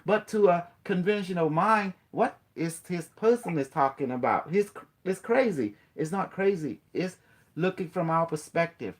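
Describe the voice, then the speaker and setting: A man's voice: high voice, expressive, moderate pace. A man giving a casual spiritual talk. He rambles, repeats himself and keeps asking his listener questions. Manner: rambling, repetitive, breaks into playful chanting.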